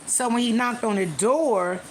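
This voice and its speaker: A woman hosting a casual live stream, retelling a story to her viewers in a chatty way with many pauses and fillers. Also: on the high side, soft background music.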